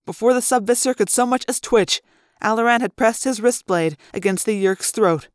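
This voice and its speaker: A fan reader narrating a sci-fi audiobook in steady storytelling style, rising for dialogue. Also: mid-range voice, normal speed, no room sound, studio quality.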